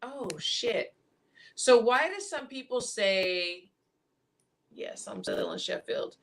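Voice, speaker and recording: On a video call from a hotel room in England, a woman hosts a boxing podcast, chatty and giggly in casual panel talk. Her voice leans high, expressive, and slow.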